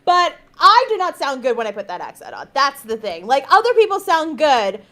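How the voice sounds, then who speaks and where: High-voiced giggly woman chatting on stream. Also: wildly swooping pitch, normal speed, pushed and bright. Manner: giggly, laughs between sentences; reassuring, fond teasing. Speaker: stream co-host. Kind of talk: casual livestream chat.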